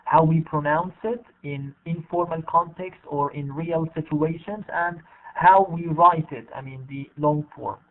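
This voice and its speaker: A man teaching English in an online class, speaking haltingly with many fillers and repeated words. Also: on the high side. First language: Arabic. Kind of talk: bilingual online lesson. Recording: tinny phone-like online call audio.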